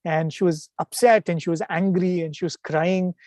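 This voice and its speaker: A man tells devotional stories as a guest speaker. His voice is warm and mellow, recorded dry and close. He speaks in an animated way and keeps checking in with the audience. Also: sits high, moderate pace, dry recording. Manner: animated storyteller, asks "right?" to the audience. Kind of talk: devotional storytelling talk.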